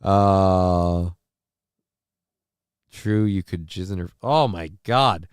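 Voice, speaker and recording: Over a noisy background, a man with a low voice talks very slowly as he hosts a casual livestream. Feeling sick, he rambles crudely, reacts to clips, and reads the chat out loud.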